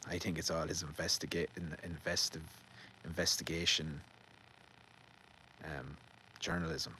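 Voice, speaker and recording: A man's voice: extremely low pitch, little pitch movement, measured pace, bright, forceful tone, slight background noise. An Irish man live-streaming from a garden outdoors, rambling and joking as he reads out viewer comments. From Ireland. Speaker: livestream host. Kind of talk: casual live-stream chat.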